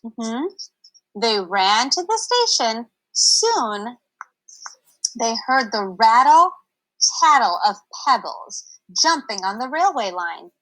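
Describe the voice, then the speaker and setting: Young woman reading a kids' book aloud, lively bouncy pitch, bright voice, lots of likes and ums. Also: slow pace, rough recording. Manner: chatty, explaining words with lots of fillers. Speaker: storyteller reading to children.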